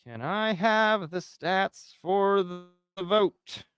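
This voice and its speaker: A man hosts a livestream, casually chatting with viewers, laughing frequently, and reading a story aloud in a lively, talkative manner with laughs between remarks. His voice sits high and is clear and resonant, delivered very slowly in a dry, clean studio recording.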